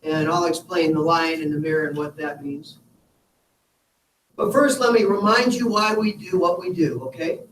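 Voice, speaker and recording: A man giving an energetic motivational talk to a live audience, telling stories and speaking to them directly. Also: on the high side, moderate pace. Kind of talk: live keynote talk with slides. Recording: echoey hall from far off with faint room noise.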